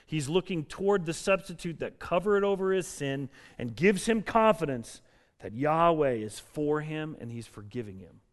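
A man preaching a sermon in an earnest, emphatic way, building up in intensity and then dropping low. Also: animated, moderate pace. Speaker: pastor.

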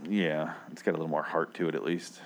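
A man's voice: a bass voice, little pitch movement, quick pace. A man co-hosting a podcast, chatting casually in a crude, rambling, offhand way. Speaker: podcast co-host. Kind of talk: casual profane chat.

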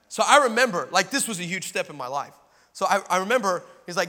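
A man's voice: a little high, lively intonation, quick pace, bright, forceful tone, in a large hall. A man preaching a sermon, telling a personal story with acted-out dialogue and building to emphatic exhortation.

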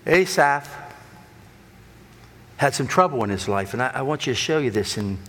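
A man's voice: expressive, normal speed. Man preaching in a reverberant hall. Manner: dramatic swings between loud emphasis and hushed low delivery. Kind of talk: sermon.

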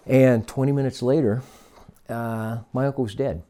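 A man's voice: medium pitch, steady tone, moderate pace, mellow. A man in his sixties from Northern California, a retired fire captain, telling stories in an interview and acting out the lines of people he quotes. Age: 60s. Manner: storytelling, acts out quoted dialogue. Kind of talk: oral history interview.

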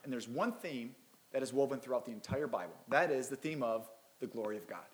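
A man's voice: medium pitch, animated, a little fast, roomy sound. A man preaching a Christmas sermon as pastor, reading scripture and breaking in with casual, self-deprecating asides.

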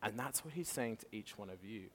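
A man delivers a passionate testimony sermon, his bright voice swinging widely in pitch as he tells his story. He speaks with animated conviction, and the sound carries a long reverb from a church hall. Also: a little fast, a little hiss or hum. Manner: passionate, storytelling, laughs often. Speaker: preacher giving testimony.

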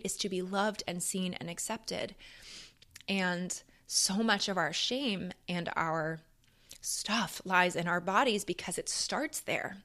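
A young woman with a slightly low, somewhat bright voice shares her life story candidly and casually. Her emotions show openly, fillers come often, and she swears from time to time.

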